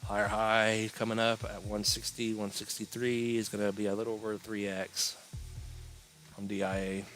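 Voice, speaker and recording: A man's voice: on the low side, moderate pace, soft background music, rough recording. A man hosting a live crypto chart stream, talking casually and rambling, yawning now and then as he answers chat. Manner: relaxed, rambling, yawning, reading chat aloud. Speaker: crypto livestream host.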